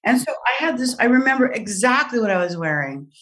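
An older woman as a podcast guest, telling an animated personal anecdote with laughs and quoted voices. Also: fairly high pitch, brisk, distant mic. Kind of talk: storytelling in a podcast interview.

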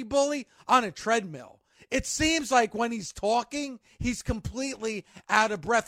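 A man with a strikingly high voice rants as a radio host, emphatic and exasperated, pleading for change. The sound is bone-dry and close on a studio microphone. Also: a bit bright, no room sound. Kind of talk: ranting sports radio talk.

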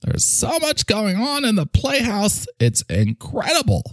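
A man voicing an overly cheerful man coaxing a friend to come over, in a high, sing-song, wheedling way. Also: wildly swooping pitch, unhurried, a bit bright, no echo, studio quality, exaggerated voice.

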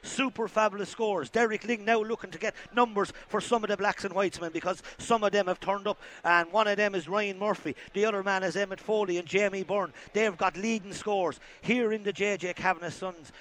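An Irish man calls live hurling play-by-play in a high, bright, ringing voice. He gets excited and shouts over the action at the big moments. A faint ambient hum sits behind him. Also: fairly quick, hardly any pauses. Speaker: play-by-play commentator. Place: outdoor sports ground commentary position.

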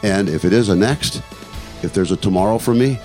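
Faint music plays behind an older man with a dark, lowish voice who talks a little fast. Hosting a podcast, he tells reflective stories earnestly and motivationally, repeating phrases for emphasis.

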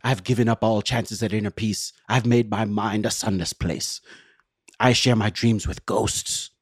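A man's voice: lowish voice, fairly even intonation, husky, dry recording, pitched below the performer's own voice. A man putting on a grave, brooding voice for a weary older rebel spymaster on a podcast. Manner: brooding, grave, slow-building delivery.

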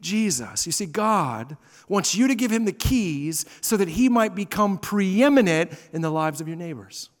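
A man in his thirties preaching a sermon, animated, moving between loud emphasis and hushed asides. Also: high-pitched, normal speed. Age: 30s. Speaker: pastor. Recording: long reverb of a large hall.

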